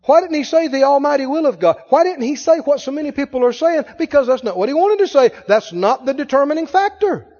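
High-voiced man preaching a sermon. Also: expressive, darkish tone. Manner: asks the congregation rapid questions. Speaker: pastor. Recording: dull recording in a reverberant hall.

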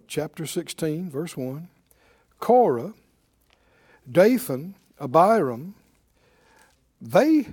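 A man in middle age delivers a sermon in a high voice that leaps across a wide range. He trades lines with his listeners, booming declarations one moment and murmuring asides the next. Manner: call-and-response preaching, swings between loud declarations and low asides. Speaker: pastor.

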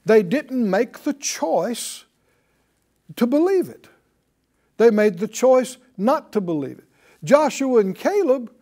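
Lively high-voiced man preaching. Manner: animated preaching with questions to the congregation. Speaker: pastor. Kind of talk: sermon.

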